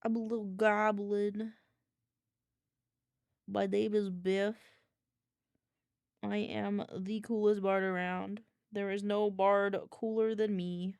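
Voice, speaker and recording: A woman's voice: medium pitch, flat delivery, takes it slowly, pauses often, a little mellow, smooth, no echo, clean studio sound. Biff, a woman doing a boastful little goblin bard. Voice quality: same as her own voice, no accent. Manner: cheerful and boastful.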